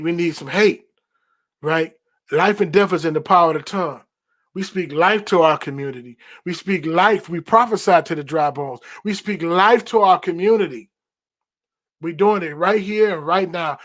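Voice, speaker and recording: Male podcast host with a high voice, preaching emphatically and repeating himself. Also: fairly bright tone. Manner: emphatic, repetitive, preacherly cadence. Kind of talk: preaching-style podcast monologue.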